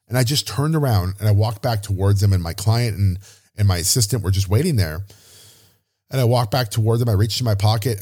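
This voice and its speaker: A man's voice: medium pitch, a little mellow. A man hosting a podcast, telling a personal story in an earnest, openly emotional way. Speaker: podcast host.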